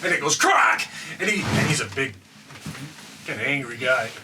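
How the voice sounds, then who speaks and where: A man's voice: medium pitch, normal speed. An older man from Canada, a former wildland firefighter, casually tells a rambling story with lots of fillers. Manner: rambling, with many fillers and acted quotes. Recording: distant mic with steady background noise.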